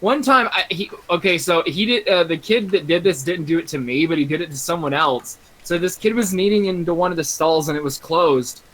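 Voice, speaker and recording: A man's voice: a little high, brisk, hardly any pauses, a bit bright, rough recording. A young man on an online voice call, telling rambling stories with constant swearing and frequent laughter. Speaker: streamer's guest on voice chat. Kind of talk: casual chat.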